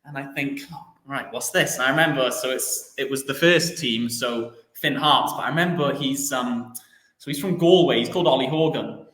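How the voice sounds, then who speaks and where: Young man, footballer guest, rambling chatty stories, bright forceful tone, echoey room. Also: mid-range voice, normal speed. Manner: chatty, rambling with many restarts and "like" fillers. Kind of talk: casual interview storytelling.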